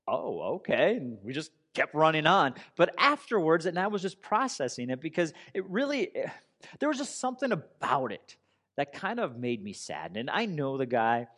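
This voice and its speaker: A man's voice: on the high side, big pitch swings, moderate pace, fairly bright tone. A man preaching a sermon in an earnest, conversational way, telling a personal story. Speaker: pastor.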